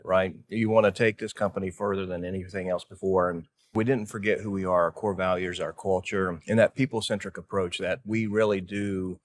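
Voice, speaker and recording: Middle-aged Southern US man, low voice, easygoing company executive in casual chat. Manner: easygoing, plainspoken, rambles a little.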